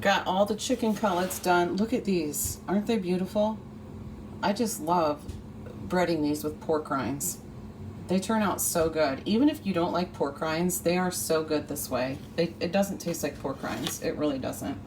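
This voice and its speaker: A woman's voice: on the low side, normal speed, background noise. A middle-aged woman chatting casually in her home kitchen, laughing often as she cooks for a vlog. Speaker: vlogger. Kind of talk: casual cooking vlog chat.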